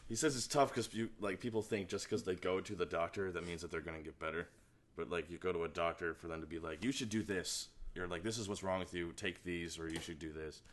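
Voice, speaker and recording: A man's voice: deep voice, steady tone, quick pace. A man hosting a casual podcast, telling rambling stories full of "like" and quoted voices. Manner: rambling storyteller, lots of "like" and quoting. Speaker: podcast host. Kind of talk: casual chat.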